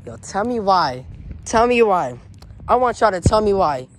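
A woman with a lively, swooping voice teases her friends in loose slang as she runs a game of hide and seek. She talks in a mid-range pitch, and a faint noisy outdoor ambience sits behind her. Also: unhurried. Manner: slangy, teasing, animated. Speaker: vlogger running the game. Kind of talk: casual excited chat.

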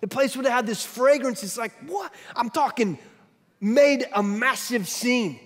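A man preaching a sermon as pastor, telling a story in an animated way with quick swings from loud to soft. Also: very high voice, long reverb tail.

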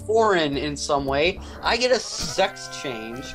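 Sarcastic young man with a lively voice. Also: on the high side, slow pace. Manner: sarcastic, wisecracking. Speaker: co-commentator. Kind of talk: casual game commentary. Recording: game music behind.

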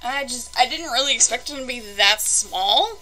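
A woman's voice: on the high side, lively intonation, normal speed, pushed and bright, rough recording. A young woman chatting casually through a toy unboxing, rambling and exasperated in her asides.

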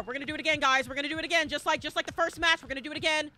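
A young woman streaming a horror game live, chatting to viewers and bursting into shouts and squeals. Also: high voice, fast talker, few pauses, no echo. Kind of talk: live gameplay commentary.

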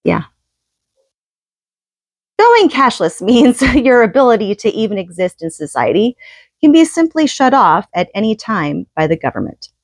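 A woman's voice: a little high, very animated, measured pace, long pauses, no echo. Earnest woman reading a book aloud. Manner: earnest, rhetorical questions. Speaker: book reader and commentator.

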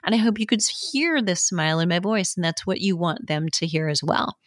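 A woman's voice: fairly low pitch, brisk, dry recording. A middle-aged woman hosting a podcast, giving upbeat coaching advice from a home studio. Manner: upbeat, coaching, demonstrates warm-ups. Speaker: podcast host and fitness educator. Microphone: studio mic.

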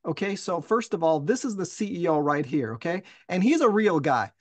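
A man's voice: fairly high pitch, very animated, moderate pace, no echo. A man co-hosting an online commentary show, explaining an article on screen in an earnest, agreeable way. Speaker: co-host. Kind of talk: walking through an article on screen.

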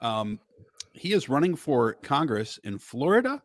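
A man's voice: medium pitch, sing-song, unhurried, dry recording, clean studio sound. A man hosting a podcast in casual, joking banter that rambles and goofs around. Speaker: podcast host.

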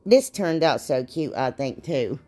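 A woman's voice: low-pitched, expressive, unhurried, darkish tone. A woman, chatting casually and rambling a little as she narrates a DIY craft video. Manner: chatty, rambling, laughs at herself.

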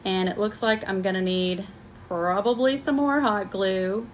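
A woman's voice: mid-range voice, fairly even intonation, a little slow, lo-fi sound, slight background noise. A woman, chatting to viewers while working on a craft project at her table at home. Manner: chatty, self-deprecating, talks to viewers as y'all. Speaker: craft vlogger. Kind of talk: live craft tutorial chat.

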